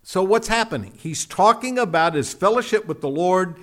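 A man's voice: high voice, lively intonation, moderate pace, fairly bright tone. A man preaching a sermon, explaining scripture verse by verse with emphatic repetition and dramatic drops in volume. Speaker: pastor.

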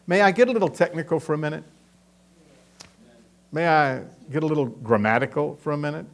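A man preaching a sermon to a congregation, emphatic and building to loud peaks as he reads scripture and asks the audience questions. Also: on the high side, brisk. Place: before a live congregation.

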